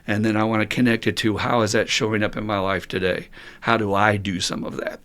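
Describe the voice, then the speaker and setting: A man's voice: lowish voice, flat delivery, brisk, fairly bright tone. Earnest middle-aged man musing on recovery. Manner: earnest, musing, acts out quoted voices. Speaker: podcast host and recovery group counselor. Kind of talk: reflective podcast monologue.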